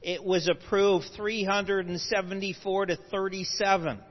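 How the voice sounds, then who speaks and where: Speaking at a moderate pace with a flat delivery, a man with a high-pitched voice patiently explains things to a live audience, pausing for asides and self-corrections. The lo-fi recording sounds muffled, with a long hall reverb.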